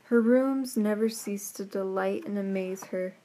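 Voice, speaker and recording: A woman reading a fairy tale aloud in a soft, gently expressive narrating voice. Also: medium pitch, a little slow. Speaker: storyteller. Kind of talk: storybook read-aloud narration.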